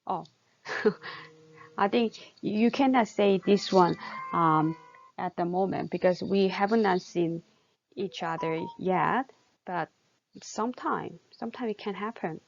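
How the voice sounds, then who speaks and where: Korean-accented woman lecturing, gravelly voice. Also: fairly low pitch, slow, slight background noise. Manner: explanatory, with many fillers and rhetorical questions. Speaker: university lecturer. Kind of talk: recorded online lecture. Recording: dull lo-fi recording.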